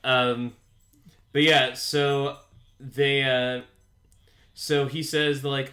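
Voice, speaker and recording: A man's voice: mid-range voice, little pitch movement, drawn-out words, long pauses, bright, forceful tone. A man casually recapping a TV episode as a podcast co-host, rambling with many fillers and restarts, at home with his cat nearby. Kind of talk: casual show recap chat.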